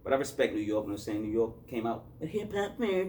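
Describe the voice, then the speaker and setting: A man's voice: medium pitch, sing-song, quick pace, mellow, a little hiss or hum. A man from Boston reviewing a hip-hop album in loose, rambling casual chat, tired after a work shift and full of fillers and self-corrections.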